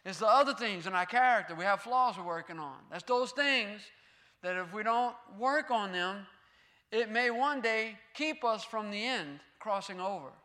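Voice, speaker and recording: A man's voice: sits high, animated, moderate pace, pushed and bright. A man preaching a sermon and reading scripture aloud. He asks his listeners rhetorical questions, repeats key phrases and uses Hebrew terms.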